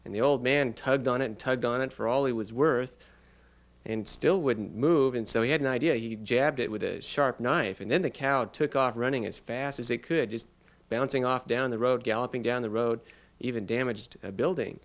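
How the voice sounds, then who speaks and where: A man interpreting a child's signed story aloud, narrating a fairy tale in an unhurried, halting way with pauses. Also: medium pitch. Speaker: sign language interpreter voicing a child.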